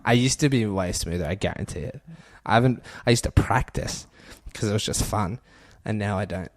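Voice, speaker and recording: A man's voice: on the low side, fairly quick, no echo, studio quality. A man co-hosting a podcast, chatting casually, swearing and laughing often. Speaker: podcast co-host.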